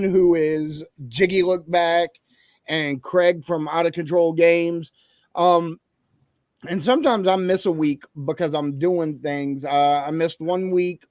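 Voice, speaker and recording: A fairly high-voiced man hosts a casual livestream, talking loosely and shouting out to people in the chat. His voice sits close and dry, with no room sound around it. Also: no echo. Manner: loose and rambling, greets viewers in chat. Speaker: livestream host. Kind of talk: casual live show chat.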